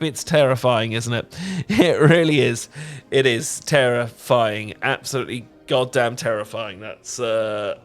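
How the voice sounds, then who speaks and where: A man's voice: medium pitch, unhurried. A British man in an audio role-play, stammering, apologizing and laughing nervously. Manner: laughs often. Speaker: ASMR roleplay performer.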